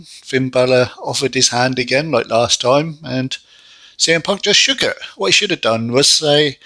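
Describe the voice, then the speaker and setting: Chatty man with gravelly bright voice. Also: medium pitch, no echo. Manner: chatty, animated, exasperated asides. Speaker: wrestling reviewer. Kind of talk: casual solo review.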